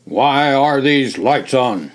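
A man voicing a stern male army duty officer who barks loud, commanding orders. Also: mid-range voice, lively intonation, slow, pitched above the performer's own voice.

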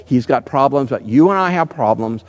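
A male pastor preaching an earnest, searching sermon, slowing down and pausing to stress his points. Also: mid-range voice, expressive, in a large hall. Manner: earnest, searching, slows down for emphasis.

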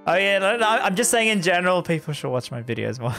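Chatty male streamer with a lively voice. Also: high voice, fast talker, vocal fry, faint music behind. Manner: rambling, laughs often, talks to chat. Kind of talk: casual live-stream chat while playing a visual novel.

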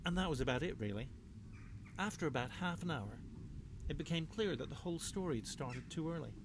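A children's author, a man, reading his storybook aloud in a lively, rhythmic, playful way. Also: fairly high pitch, fairly quick, background noise. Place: home.

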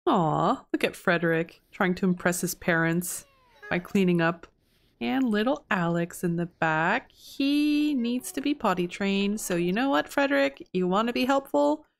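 A young woman giving casual, chatty commentary over gameplay and reacting loudly in disbelief at surprises. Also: medium pitch, lively intonation, a little slow, creaky. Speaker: gameplay video host.

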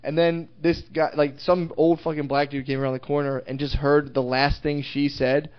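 A man's voice: a little high, level tone, normal speed, clean tone. Profane young man, lo-fi podcast. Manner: profane, storytelling, laughs often. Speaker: podcast co-host. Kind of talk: crude casual chat. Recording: dull lo-fi podcast audio.

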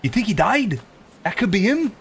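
A man's voice: high voice, sing-song, normal speed, creaky, fairly bright tone, a little hiss or hum. A man chatting casually with a friend while gaming, laid-back and swearing freely. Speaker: gamer.

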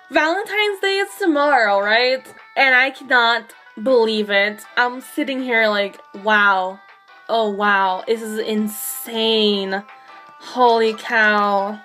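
An excited woman live-streaming a game, rambling with a shaky thrill in her voice. She sits a little high in pitch and talks at an unhurried pace, with faint music playing behind her.

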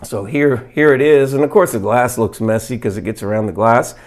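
A man vlogging, earnestly explaining and demonstrating a fermented food to camera, reading study excerpts aloud and pausing on fillers. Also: medium pitch. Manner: earnest, plain-spoken, pauses with fillers. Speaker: health vlogger.

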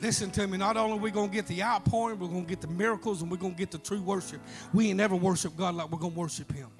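A preacher with a very high, gravelly voice delivers a sermon that swells from storytelling into fervent shouting. His tone is bright and pressing, with faint music playing behind him. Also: steady tone, racing. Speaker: pastor.

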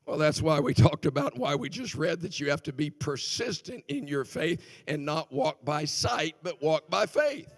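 An older male guest minister preaching a sermon in a church, swinging between loud exclamations and quiet asides. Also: a little high, animated, normal speed, few pauses, no echo. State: voice sounding off. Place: church sanctuary.

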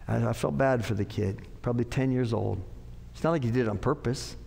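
A man's voice: mid-range voice, brisk, vocal fry, darkish tone, breathy edge. A man pastor giving an earnest, conversational sermon in a church, repeating his phrases for emphasis. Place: church sanctuary. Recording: long church-hall reverb.

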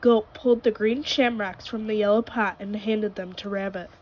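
A woman reading a children's picture book aloud, telling it gently and clearly. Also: mid-range voice, fairly even intonation, moderate pace, a little hiss or hum, low-quality recording. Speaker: storybook reader.

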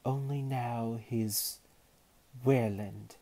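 A man reading aloud and voicing an imperious, scheming woman wizard who speaks with haughty calm. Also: medium pitch, drawn-out words. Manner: haughty and calmly menacing.

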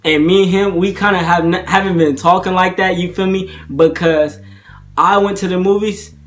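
A man's voice: high-pitched, steady tone, normal speed, fairly bright tone. A young man vlogging casually to camera about a prank on his best friend, talking in chatty slang and often checking in with "you feel me".

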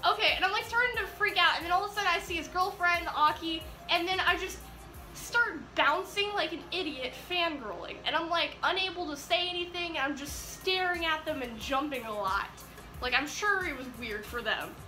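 A teenage girl telling an excited vlog story, rambling giddily with lots of "like"s. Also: very high voice, normal speed. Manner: giddy, rambling with many "like"s. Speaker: vlogger. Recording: echoey room with faint music.

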